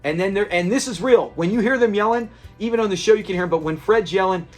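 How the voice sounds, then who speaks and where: A man with a slightly higher voice talks through a classic sitcom episode in an easygoing, rambling way. He circles back on his own sentences and restarts often. Faint music plays softly under him. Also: quick pace. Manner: chatty, rambling retelling with restarts. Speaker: episode review host. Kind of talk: casual episode breakdown.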